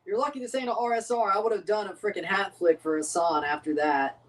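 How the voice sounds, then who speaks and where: A man hosting a live watchalong of a football match, excitable and opinionated, often exclaiming and laughing at the action. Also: high-pitched, brisk, far from the mic. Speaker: livestream host reacting to a match.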